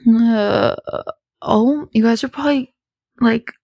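A woman's voice: medium pitch, fairly even intonation, a little slow, vocal fry, no room sound, studio quality. A young woman in her twenties hosting a podcast, telling a rambling, filler-heavy story in a tired, sleepy way. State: sleepy, yawning. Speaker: podcast host. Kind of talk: casual storytime chat.

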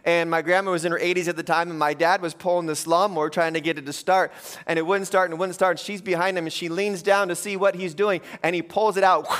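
A man's voice: high voice, steady tone, fast talker, a bit bright. A man preaching a conversational sermon, telling funny stories to his congregation. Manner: conversational, joking storyteller. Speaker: pastor.

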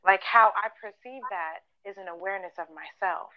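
A woman's voice: mid-range voice, fairly quick, no echo, dull audio. A woman co-hosting a podcast, telling personal stories in casual chat, earnest and full of fillers, acting out what people said. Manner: earnest storytelling, many fillers and acted-out quotes. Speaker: podcast co-host.

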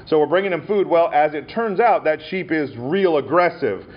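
A man's voice: fairly high pitch, animated, moderate pace. A male pastor from Montana preaching a sermon in a church, telling stories with frequent fillers and restarts. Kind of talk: sermon at an ordination ceremony. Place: church sanctuary. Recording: dull lo-fi church recording.

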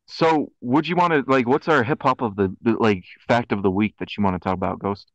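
A man's voice: medium pitch, a little fast, no room sound. A young man hosting a casual podcast chat, rambling with lots of fillers and laughing often. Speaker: podcast host. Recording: dull lo-fi dry sound.

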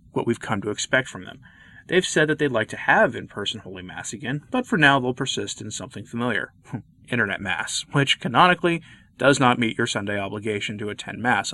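Male video host, earnest scripted delivery, average pitch, dry untreated room. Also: pushed and bright, no echo. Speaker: Catholic commentary video host. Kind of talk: scripted commentary to camera.

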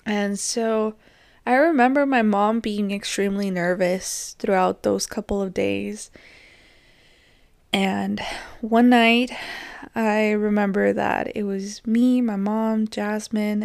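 A woman in her twenties telling a personal story on her podcast, reflective and gently hesitant. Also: medium pitch, steady tone, slow, gravelly, dry recording, studio quality. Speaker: podcast host.

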